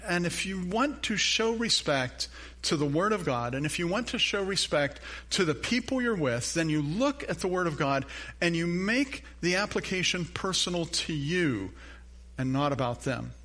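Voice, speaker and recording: A man's voice: high-pitched, animated, moderate pace, pushed and bright. An older man, a grandfather and pastor, preaching a sermon in an earnest, conversational way with personal stories.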